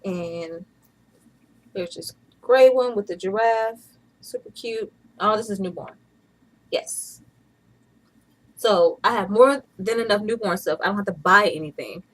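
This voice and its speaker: A woman's voice: mid-range voice, a little slow, long pauses, poor audio. A woman in her thirties from Atlanta, chatting casually and playfully in a home video blog. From Atlanta, USA. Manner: chatty and playful, with bursts of laughter. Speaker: vlogger. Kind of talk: casual vlog chat.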